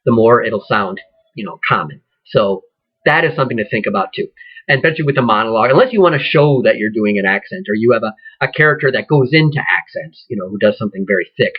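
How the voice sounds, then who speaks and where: Husky-voiced man giving a rambling lecture. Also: mid-range voice, lively intonation, fast talker, highs cut off. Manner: conversational, rambling, frequent ums. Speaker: acting teacher. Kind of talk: informal lecture.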